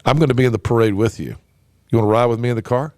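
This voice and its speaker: A man's voice: mid-range voice, very fast, darkish tone, no echo, clean studio sound. A man hosting a political talk radio show, emphatic and folksy, with lots of fillers and restarts. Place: radio studio. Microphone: studio microphone.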